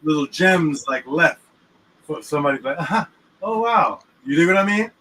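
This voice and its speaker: On the high side and a little fast, this man's voice has a sharp tone. He's hosting a casual discussion of the weekly Torah portion in a moving car, slipping into street slang and regularly checking the listener is keeping up. A distant mic captures him over faint road noise.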